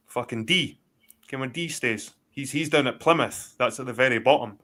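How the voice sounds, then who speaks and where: A guest on a live-stream chat, this Scotsman has a medium-pitched, bright, forceful voice and a moderate pace. His talk wanders, stays blunt, and is packed with swearing.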